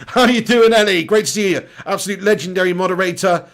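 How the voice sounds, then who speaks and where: Reading viewer comments and cursing offhandedly, this man commentates a live football game for his watch-along stream. He has a gravelly voice pitched high for a man, and when an opening appears he launches into rapid, thrilled commentary.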